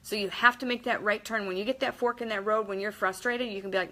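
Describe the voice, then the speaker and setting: A woman's voice: mid-range voice, steady tone, fast talker, pushed and bright. A woman giving a casual motivational talk to camera, emphatic and blunt, with mild swearing and quotes acted out in different voices. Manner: acts out quotes in varied voices. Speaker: motivational vlogger.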